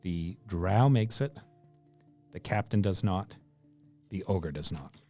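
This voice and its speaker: A man running a tabletop game, his voice low and soft at the edges. He gives rulings calmly and plainly. The tone stays mellow and unhurried. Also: faint music behind. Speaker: game master.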